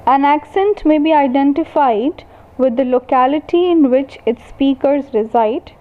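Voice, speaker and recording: A woman university lecturer giving a recorded lecture, slowly and deliberately defining terms one by one. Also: high voice. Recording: tinny phone-like sound.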